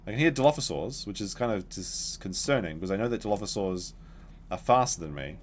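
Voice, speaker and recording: Lowish voiced guy streaming a dino game, chatty and rambly, bit of faint hiss behind. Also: expressive, a little fast. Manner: rambling, chatty, talks to chat while playing. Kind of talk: casual gameplay commentary.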